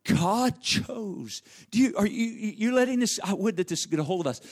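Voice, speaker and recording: A man's voice: high voice, animated, moderate pace. A middle-aged man preaching a sermon, telling stories and repeating phrases for emphasis. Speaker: pastor.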